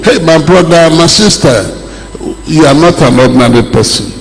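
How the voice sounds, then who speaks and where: Pastor, male, emphatic sermon delivery, gravelly voice, long hall reverb. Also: fairly high pitch, animated. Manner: slow, emphatic preaching with rising exclamations.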